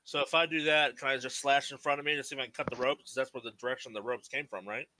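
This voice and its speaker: A man playing in a tabletop game, talking in a deadpan way. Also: mid-range voice, rapid-fire, slight background noise, poor audio. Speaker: player. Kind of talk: casual tabletop game play.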